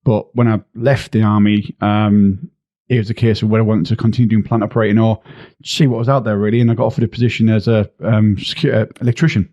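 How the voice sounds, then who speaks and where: A man in his forties from Middlesbrough with a Teesside accent, a podcast guest telling his story in a relaxed way with many ums and restarts. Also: on the low side, quick pace, dry recording, highs cut off. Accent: Teesside English. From Middlesbrough, England. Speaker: podcast guest, security installer. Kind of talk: casual podcast chat.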